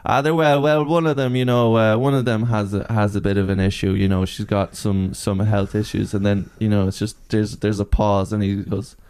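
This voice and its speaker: Halting man with a smooth voice. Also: lowish voice, level tone, darkish tone. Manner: halting, repeats words, says "you know" often. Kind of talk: casual chat.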